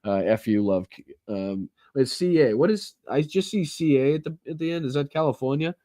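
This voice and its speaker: A man's voice: a little high, expressive, normal speed, dark tone, no echo. Brief: American male streamer, casual and profane, loose rambling delivery, dry close-mic sound. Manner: rambling, profane, with many fillers and restarts. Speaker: livestream host. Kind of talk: casual livestream chat reading viewer donations.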